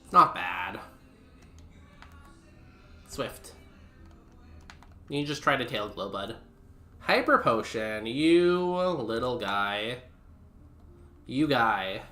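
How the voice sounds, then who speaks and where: Rambling young man streaming a game, bright voice. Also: medium pitch, very animated, slow pace, pauses often, echoey room, soft background music. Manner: rambling, filler-heavy chat with viewers. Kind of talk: casual live-stream commentary.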